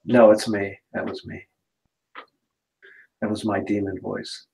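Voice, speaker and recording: Gravelly man on a video call. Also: lowish voice, little pitch movement, slow pace, darkish tone, low-quality recording. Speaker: guest on a live video hangout. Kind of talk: casual chat, explaining tech problems. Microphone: remote video call.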